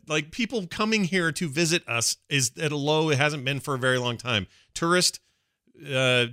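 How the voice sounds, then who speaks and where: American guy co-host, bright forceful tone, conversational and opinionated, dry sound. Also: on the high side, dry recording. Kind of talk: casual podcast debate.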